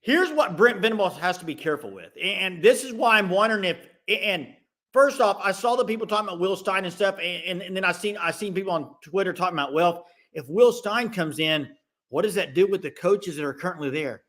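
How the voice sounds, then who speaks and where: Male sports-talk host, bright and lively, opinionated, fast restarts. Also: high voice. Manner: animated, quick restarts, throws out opinions. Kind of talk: casual sports talk with live call-ins.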